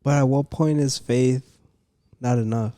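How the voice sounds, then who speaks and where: A man's voice: mid-range voice, fairly even intonation, a little slow, dark tone, no room sound. A young man argues his point in a skeptical, reasoning way, slipping into now and then. His voice sits in a middle range and sounds close and dry. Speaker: podcast co-host. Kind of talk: casual chat and debate.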